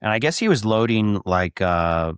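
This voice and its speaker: Male host, smooth low voice, dry sound, easygoing and agreeable. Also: normal speed, no echo. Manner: relaxed, agreeable, frequent affirmations. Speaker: podcast host. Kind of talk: casual interview chat.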